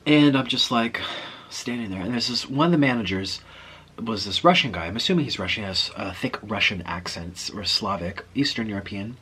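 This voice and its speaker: A man's voice: on the low side, brisk, pushed and bright, husky. A man telling a personal story in a vlog, acting out the other people's lines as he goes. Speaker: vlogger.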